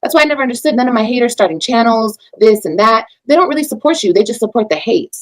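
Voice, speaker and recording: A woman rants on a casual livestream, heated and profane, lecturing her viewers about her critics. Her pitch is fairly high and moves a lot. She swings between loud outbursts and low, slower asides. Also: lively intonation, poor audio. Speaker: livestreamer and mother.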